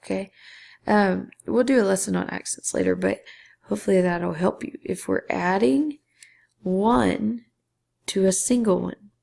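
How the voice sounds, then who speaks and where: A woman gives a patient Spanish grammar lesson, walking through each rule step by step and slipping into a whisper on key syllables. Her voice is deeply gravelly and dark-toned, and she takes her time. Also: measured pace. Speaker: Spanish teacher.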